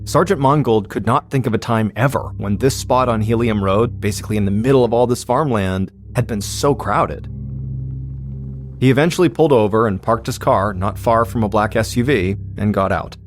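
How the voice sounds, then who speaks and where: A man narrating a true-crime story in a steady, suspenseful scripted style as podcast host. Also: fairly low pitch, moderate pace.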